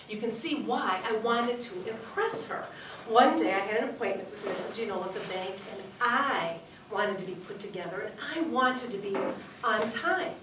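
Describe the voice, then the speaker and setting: A woman giving a humorous speech at a contest, telling a story in an animated way. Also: a little high, background noise. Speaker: contest speaker. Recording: echoey hall, heard from far off.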